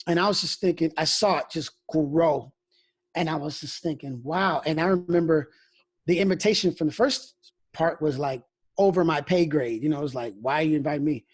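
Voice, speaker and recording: Husky, high-pitched man pastor. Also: moderate pace. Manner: frank, storytelling, often restarts phrases. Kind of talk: candid conversational interview.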